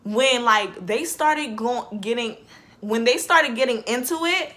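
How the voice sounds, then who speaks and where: A woman's voice: on the high side, measured pace, fairly bright tone. A woman vlogger giving a casual reaction commentary. She talks in a rambling, chatty way, says "like" in almost every phrase and often restarts her sentences.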